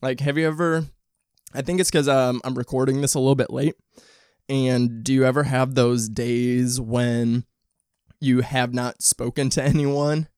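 A man hosting a casual solo podcast, talking in a rambling, candid, profane way with many restarts. His throat is dry and rough today. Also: mid-range voice, steady tone, measured pace, a little mellow, no room sound. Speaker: podcast host.

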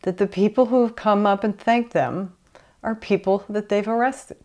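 Mellow-voiced woman interviewer. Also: mid-range voice, steady tone, moderate pace.

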